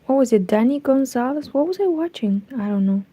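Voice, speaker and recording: A young woman chatting casually in a hushed, partly whispered voice while she crochets, rambling and correcting herself as she goes. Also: high voice, animated, a little fast, no echo. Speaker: crochet vlogger.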